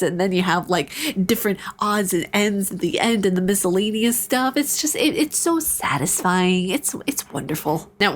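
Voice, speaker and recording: A woman's voice: on the low side, a little hiss or hum. A young adult woman giving a casual, enthusiastic video game review, chatty and full of fillers.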